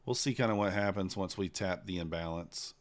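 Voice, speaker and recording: Low-key guy streaming his trades, deep-ish voice, muttering his thoughts as he goes. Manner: thinking aloud, unhurried and low-key. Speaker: livestreaming futures trader. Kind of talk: casual live commentary.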